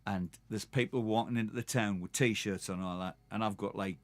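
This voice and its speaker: A man's voice: on the low side, fairly even intonation, brisk, no room sound. A man with a Geordie accent, hosting a live stream and chatting in a rambling, self-mocking way to his viewers. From North East England. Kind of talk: casual chat to viewers.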